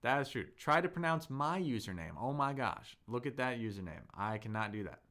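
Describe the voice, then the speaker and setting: Male language tutor live-streaming, friendly and conversational, answers chat and models pronunciation slowly. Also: mid-range voice, expressive, fairly bright tone. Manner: upbeat, chatty, slows down to model tones; reads viewer comments aloud and answers them. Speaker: Chinese teacher and livestream host.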